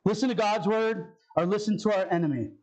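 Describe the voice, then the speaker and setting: Male pastor, high voice, casual preaching style that repeats key lines. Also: fairly quick, a little mellow, rough recording. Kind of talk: sermon. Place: church sanctuary.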